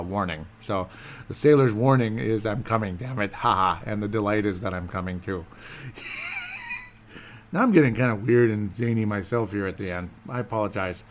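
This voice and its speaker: A man's voice: lowish voice, darkish tone, slight background noise. A man hosting a casual solo podcast in a rambling, jokey, self-deprecating way. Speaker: podcast host.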